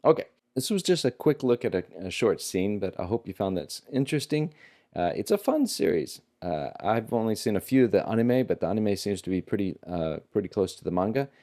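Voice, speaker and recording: Low-voiced man explaining Japanese, lively. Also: brisk. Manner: chatty, with fillers and restarts. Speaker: Japanese teacher. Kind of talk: explaining manga dialogue in a language lesson.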